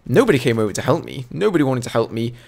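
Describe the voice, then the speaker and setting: A man's voice: mid-range voice, sing-song, very fast, vocal fry, a little mellow. Chatty young Englishman telling stories. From England. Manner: chatty and rambling, full of "you know". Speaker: gaming channel host. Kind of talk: casual storytelling commentary.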